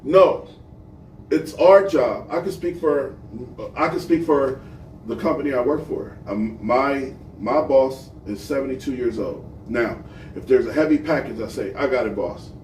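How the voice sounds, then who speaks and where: A man co-hosting a casual podcast chat, telling stories in an animated way and swearing freely. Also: mid-range voice, unhurried, distant mic. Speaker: podcast co-host. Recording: roomy echo, off-mic, faint hiss.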